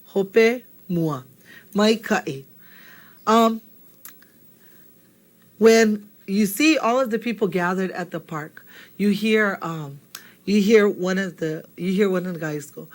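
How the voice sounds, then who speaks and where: Slow, patient woman teaching a lesson. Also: medium pitch, lively intonation. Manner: patient, repeats phrases slowly with frequent "okay?" checks. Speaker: language teacher. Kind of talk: classroom language lesson.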